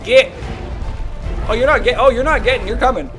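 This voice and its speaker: A man's voice: very high-pitched, brisk, music in the background. A man livestreaming a game, talking casually and frantically urging and exclaiming as he plays. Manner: casual, says "dude" and "bro". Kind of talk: live gameplay commentary.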